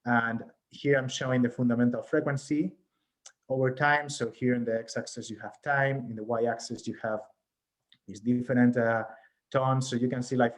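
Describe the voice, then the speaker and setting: A man delivers an academic research lecture over a video call, with a voice of ordinary middle pitch. He explains patiently, step by step, and keeps checking that the audience is following. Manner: explanatory, often checks in with "right?". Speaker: research presenter.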